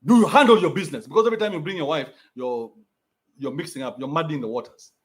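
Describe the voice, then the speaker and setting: A man's voice: a little high, fast. A young adult man with a Kenyan accent, ranting bluntly in a profane, mocking livestream. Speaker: commentator. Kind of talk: livestream rant.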